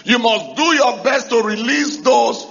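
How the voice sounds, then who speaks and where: A male preacher giving an emphatic sermon, raising his voice to shout key points and asking the congregation rhetorical questions. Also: very high-pitched, measured pace, vocal fry, lo-fi sound, a little hiss or hum. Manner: emphatic, rising to shouts to drive points home.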